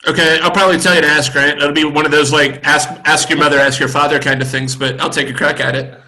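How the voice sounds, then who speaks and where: A man, a brewery co-owner, chatting on a video call in a relaxed, thoughtful way with many pauses and fillers. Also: a little high, low-quality recording. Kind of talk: casual video call chat.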